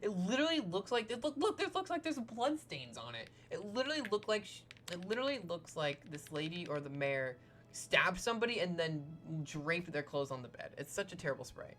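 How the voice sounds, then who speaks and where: A woman's voice: lowish voice, very animated, fairly quick, a bit bright, slight background noise. A woman hosting a Let's Play, chatting and joking through video game commentary with a sarcastic streak.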